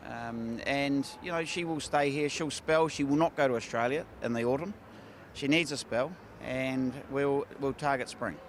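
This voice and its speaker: Candid New horse trainer. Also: male voice, medium pitch, a little hiss or hum. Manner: candid, halting, many fillers and restarts. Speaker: racehorse trainer. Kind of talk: casual post-race interview. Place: outdoors at a racecourse.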